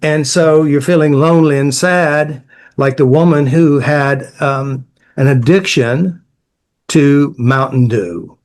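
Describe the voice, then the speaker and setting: A man's voice: fairly high pitch, takes it slowly, a little mellow. A man working as an emotional therapy coach, explaining his ideas through client stories in a direct, repetitive way. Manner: direct, repetitive, lists ideas in short bursts.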